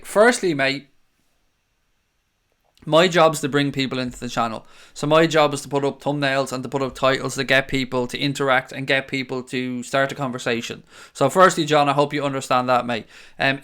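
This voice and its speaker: A man's voice: fairly high pitch, a bit bright. A young man hosting a fan stream, reading the live chat aloud and answering viewers in a chatty, sweary way. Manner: chatty, swears freely, calls viewers mate.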